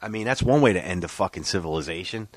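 Low guy ranting on a podcast, cursing a lot, voice all over the place, dry close sound. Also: fast talker, no room sound. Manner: profane, animated ranting. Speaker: podcast co-host. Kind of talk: casual chat. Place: podcast studio.

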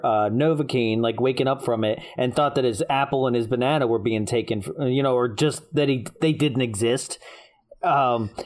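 A woman's voice: a bass voice, darkish tone. A woman co-hosting a casual movie recap, rambling through the plot and laughing often. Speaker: podcast co-host.

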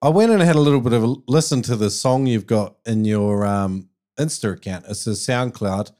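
A man's voice: mid-range voice, normal speed, dark tone. A man hosting a podcast interview in a chatty, upbeat way. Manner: upbeat, chatty, laughs easily. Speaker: podcast host. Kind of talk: casual interview chat.

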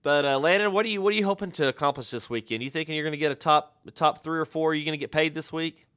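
Smooth-voiced joking man. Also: on the high side, very fast, fairly bright tone. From Texas. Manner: joking, rambling, self-interrupting. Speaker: podcast host. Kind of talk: casual podcast banter.

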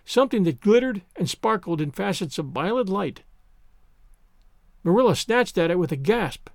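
A man reads a classic story aloud with expressive, theatrical narration. His voice sits high and swoops widely through each sentence, recorded dry and close with no room sound. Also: vocal fry, dry recording. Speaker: audiobook narrator.

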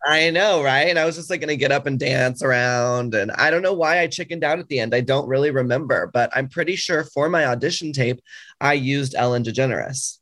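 A man co-hosting a podcast in casual chat, animated and gushing, laughing easily as he talks. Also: mid-range voice, brisk. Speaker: podcast co-host.

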